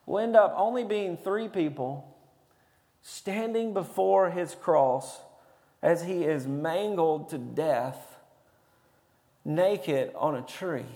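High-voiced man preaching a sermon. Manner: dynamic preaching, swings from loud declaring to hushed intensity. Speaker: pastor.

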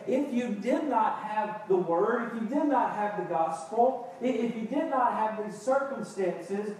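A man's voice: sits high, a little mellow, a little hiss or hum. A man preaching a sermon as pastor, building to emphatic, impassioned outbursts. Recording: echoey hall, picked up from a distance.

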